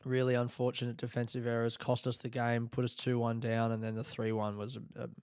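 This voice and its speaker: A man's voice: medium pitch, brisk, smooth, no echo, clean studio sound. An Australian man hosting a podcast alone, telling stories casually with lots of swearing and getting worked up as he talks. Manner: sweary, animated storytelling, gets worked up. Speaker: podcast host. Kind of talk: casual solo podcast monologue.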